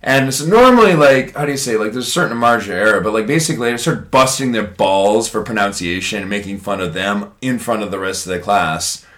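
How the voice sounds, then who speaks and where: A man's voice: on the low side, a little fast, few pauses, fairly bright tone. A man who works as an English teacher in Japan, casually telling a profane classroom story on a podcast. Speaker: podcast co-host. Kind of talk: casual chat.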